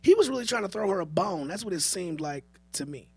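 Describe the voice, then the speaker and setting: Casual co-host: husky man, fairly high voice, animated teller. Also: no echo. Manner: animated storyteller, quick repeated restarts. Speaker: podcast co-host. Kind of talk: casual chat, reading quotes aloud.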